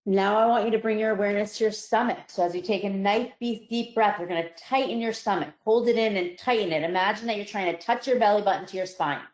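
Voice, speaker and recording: A woman psychologist guiding listeners through a relaxation exercise, calm and slow, her voice softening on each release. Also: mid-range voice. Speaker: psychologist presenter. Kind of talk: guided relaxation instruction. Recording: roomy echo.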